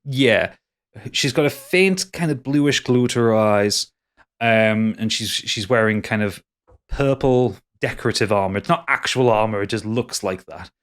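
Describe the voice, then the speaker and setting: A man's voice: lowish voice, a little slow, a bit bright. A man running a tabletop game as game master, narrating casually and playfully, often tripping over and repeating his words.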